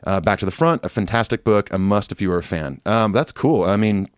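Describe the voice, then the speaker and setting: With a low, brisk voice that's clear and resonant, a Nashville podcast co-host chats casually, reading out listener emails in a rambling, easygoing way and frequently laughing. The intonation is lively, and the studio-quality sound has no echo.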